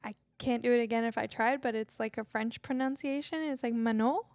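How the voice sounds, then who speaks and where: A woman co-hosting a relaxed book podcast in a bright, slightly high voice. Her sound is close and dry with no room around it. She talks easily and laughs often while she sums up the story. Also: a little fast, no echo. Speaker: podcast co-host. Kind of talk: casual chat.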